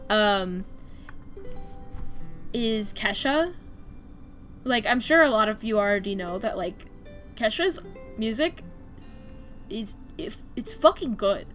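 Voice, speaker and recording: With a mid-range, slightly bright voice, a young woman chats casually while drawing on stream. Her talk rambles with frequent "like" fillers and restarts, faint music underneath.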